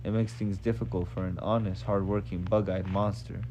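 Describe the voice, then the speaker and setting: A man's voice: deep voice, level tone, normal speed, mellow, a little hiss or hum, lightly acted, low-quality recording. A man reading aloud, voicing an earnest, curious male alien who questions humans.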